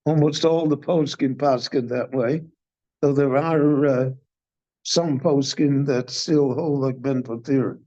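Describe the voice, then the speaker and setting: Slow older rabbi teaching in a synagogue. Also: male voice, mid-range voice, fairly even intonation, dark tone, dull audio. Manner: measured teaching, poses questions and answers them. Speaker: rabbi giving a Torah class. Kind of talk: slow, deliberate Torah lecture.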